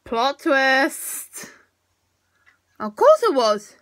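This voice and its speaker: A tipsy woman reacting out loud to a show, her high, bright voice swooping up and down as she swears at the screen. She drags her words out slowly between loud outbursts. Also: animated. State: tipsy from drinking. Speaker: reaction video host.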